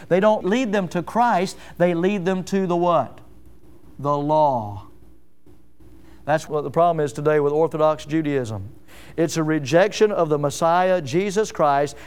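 A middle-aged pastor preaching a sermon, emphatic, with rhetorical questions and sudden drops to a hush. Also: male voice, high-pitched, smooth.

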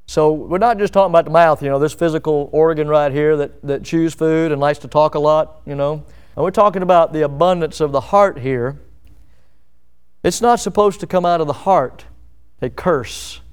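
A man's voice: on the high side, moderate pace, a little mellow, clear, resonant tone. A man preaching a sermon, emphatic, asking rhetorical questions and acting out quotes. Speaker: pastor.

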